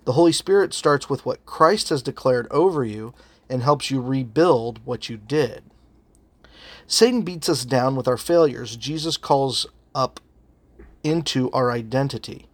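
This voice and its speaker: A man's voice: medium pitch, a little slow, no room sound. A man preaching a sermon as a pastor, earnest and emphatic, weaving in personal stories.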